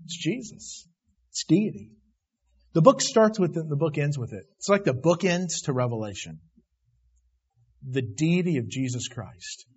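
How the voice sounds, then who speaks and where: A man preaching a sermon, swinging between loud emphatic declarations and quiet asides. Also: on the high side, big pitch swings, moderate pace, long pauses, husky, highs cut off. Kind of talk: sermon on Revelation.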